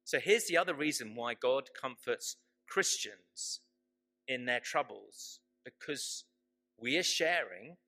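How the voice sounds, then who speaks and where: A man preaching a sermon, slow and emphatic, repeating his key phrases for weight. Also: medium pitch, bright, forceful tone.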